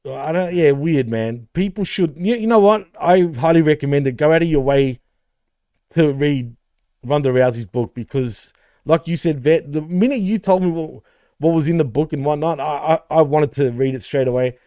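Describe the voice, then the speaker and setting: Male podcast co-host, relaxed and profane, dark tone, close dry sound. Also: a little high, moderate pace, smooth, no echo. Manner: laid-back, swears freely, laughs often. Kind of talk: casual wrestling podcast chat.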